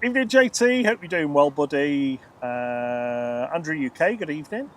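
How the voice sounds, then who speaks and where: A man's voice: fairly high pitch, expressive, moderate pace. A man hosting a live plane spotting stream outdoors at an airport, cheerfully greeting chat viewers by name. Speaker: livestream host.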